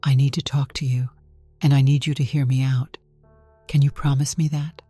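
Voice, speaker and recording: A woman voicing a worried but determined wife who speaks gently and firmly. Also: very deep voice, flat delivery, normal speed, breathy edge, no echo, soft background music. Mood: gentle.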